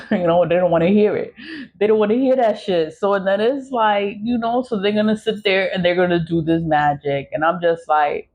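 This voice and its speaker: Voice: medium pitch, moderate pace, darkish tone, poor audio. A content creator in a casual vlog monologue, talking bluntly and emphatically, with frequent swearing.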